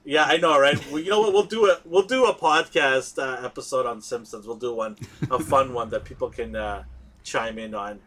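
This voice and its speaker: A middle-aged man hosting a relaxed podcast, animated and quick to laugh, trailing off into fillers. His pitch sits in a middle range, with a faint hum of room ambience behind him. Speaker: podcast host. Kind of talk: casual podcast chat.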